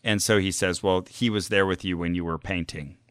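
A man's voice: low voice, fairly even intonation, fairly quick, fairly bright tone, clean tone, no echo, studio quality. A man casually recounting a story on a podcast, acting out the quotes. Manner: recounts events, acts out quotes. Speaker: podcast co-host.

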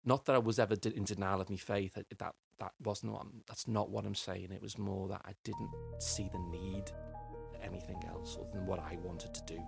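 A man's voice: sits low, steady tone, a little fast, gravelly, soft background music. A middle-aged man, telling his life story as a podcast guest in a rambling way, often repeating words as he finds them. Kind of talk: personal storytelling interview.

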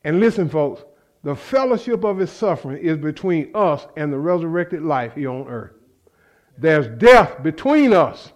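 With a slightly high, sing-song voice, a man preaches at a measured pace. His sermon is fervent and conversational, and he repeats phrases while calling out to the congregation in call-and-response.

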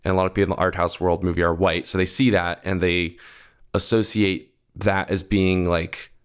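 A man's voice: low-pitched, flat delivery, moderate pace, clean tone. A young man co-hosting a film podcast, talking casually in a rambling way full of "like" and "um". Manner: rambling, full of "like" and "um", laughs easily. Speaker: podcast co-host.

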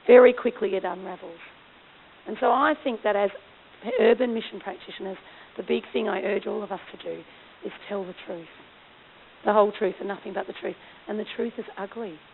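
Aussie woman giving a talk, jokey storyteller, sounds like a phone line w/ a bit of hiss. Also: medium pitch. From Australia. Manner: lively, self-deprecating storyteller. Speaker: speaker at a mission conference. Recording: tinny phone-like lo-fi recording with faint hiss.

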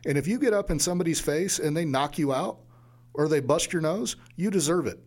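A man's voice: a little high, lively intonation, brisk, darkish tone. A man co-hosting a casual chat show, telling stories in a blunt and emphatic way.

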